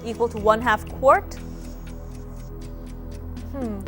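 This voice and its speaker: A woman's voice: a little high, takes it slowly, soft background music. A woman co-hosting a quiz show, chatting with contestants and moving the rounds along in an upbeat, teasing way.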